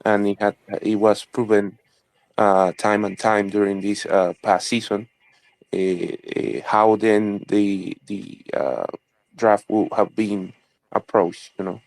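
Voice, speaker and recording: Halting low-voiced man with dry sound. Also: steady tone, creaky, a little mellow, no room sound, low-quality recording. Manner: halting, many filler sounds and restarts. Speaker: caller. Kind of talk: casual call-in discussion.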